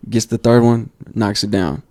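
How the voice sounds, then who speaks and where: A man co-hosting a basketball podcast, telling coaching stories in a casual, animated way and acting out quotes. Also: lowish voice, normal speed, no room sound. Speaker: podcast co-host. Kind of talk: casual storytelling chat.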